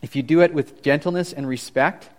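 Male youth pastor, young adult, slightly high-pitched, animated conversational sermon delivery. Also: fairly quick. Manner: animated, conversational preaching with frequent restarts.

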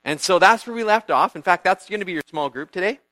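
A man giving a church youth group talk, retelling a Bible story in a lively way, acting out characters and quizzing his listeners. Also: sits high, fast, dry recording.

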